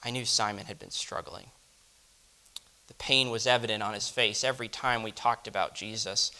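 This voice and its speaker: A man delivering a first-person dramatic monologue, reflective and often dropping to a hush. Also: mid-range voice. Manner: reflective, dropping to hushed tones. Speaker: storyteller.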